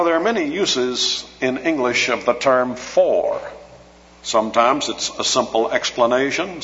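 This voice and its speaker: A man preaching an expository sermon in a measured, teacherly way, slowing down to stress key words. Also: medium pitch, fairly bright tone. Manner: measured, teacherly, slows for emphasis. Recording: dull lo-fi audio in a reverberant hall.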